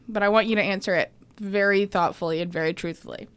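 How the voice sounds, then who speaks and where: A woman's voice: mid-range voice, steady tone, fast talker, clear, resonant tone, no echo. A woman co-hosting a podcast, bantering playfully and giggling. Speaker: podcast co-host. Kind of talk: casual chat.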